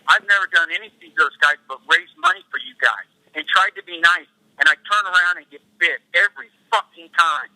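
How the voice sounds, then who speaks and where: A man's voice: a little high, sharp tone, no echo, low-quality recording. A man, a mayor in an angry, profane rant, repeating himself. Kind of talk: angry rant in a private meeting.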